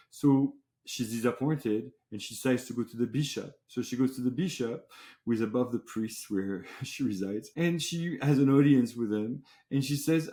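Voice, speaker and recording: Man, podcast host, casual, relaxed storyteller, warm mellow tone, mid pitch. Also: moderate pace, echoey room. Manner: relaxed storyteller, lists with long run-on phrases. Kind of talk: casual chat and joke-telling.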